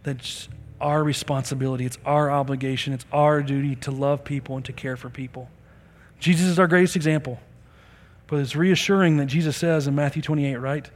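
Guy preaching in church, kinda high voice, tells stories and acts out the people, big hall echo. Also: brisk. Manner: animated storytelling, acting out quoted people. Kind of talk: sermon. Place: church sanctuary during a service. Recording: long reverb of a large hall.

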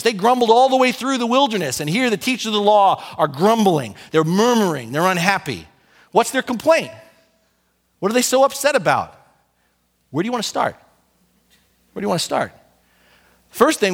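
Animated pastor preaching in a reverberant hall. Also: male voice, high voice. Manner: animated, conversational preaching with acted-out asides. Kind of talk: sermon.

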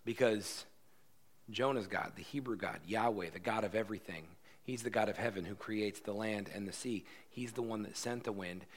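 A man's voice: on the low side, normal speed. A man preaching a sermon as pastor, emphatic and conversational, acting out quoted lines.

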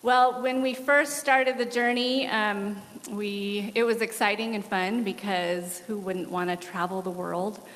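A woman in her forties, a missionary guest, giving an earnest and animated testimony with laughs during a church service. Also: mid-range voice, a little slow, hardly any pauses. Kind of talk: candid testimony in an interview. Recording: long hall reverb.

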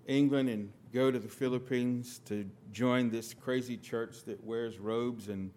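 A middle-aged man from the United States preaching a sermon, telling stories with sudden loud emphatic bursts and quiet asides. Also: mid-range voice, a little hiss or hum. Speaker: pastor.

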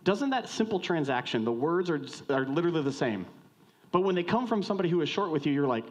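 A man preaching a sermon, animated, acting out short dialogues with jumps in pitch. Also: quick pace. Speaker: pastor.

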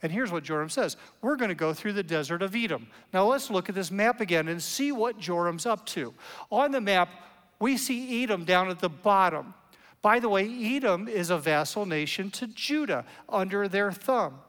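A man preaching a sermon as a pastor, in an animated, conversational way with playful asides. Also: high voice, normal speed, long reverb tail. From United States.

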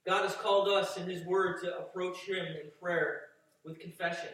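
A man with a high voice preaches in a church hall, reading scripture before pressing his points with repeated, fervent phrases. He stands well back from the microphone, and the room throws a heavy echo around every word. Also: fairly even intonation, normal speed, a bit bright. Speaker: pastor. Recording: echoey hall, distant mic.

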